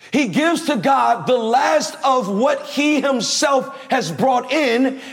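A male preacher with a very high voice delivers a lively sermon in a church. He talks straight to his congregation, asking them to answer back and raise their hands. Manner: energetic, preaching with calls to the congregation.

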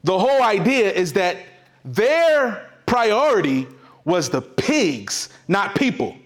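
High, lively-voiced preaching pastor. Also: male voice, takes it slowly. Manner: emphatic, repetitive preaching with sudden swings in loudness. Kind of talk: sermon.

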